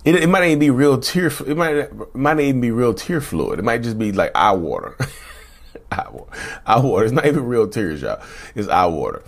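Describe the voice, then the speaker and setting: A man's voice: medium pitch, big pitch swings, fast talker, gravelly. A man hosting his own channel, talking casually to viewers, repeating himself and calling them y'all. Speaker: channel host. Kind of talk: casual talk to camera.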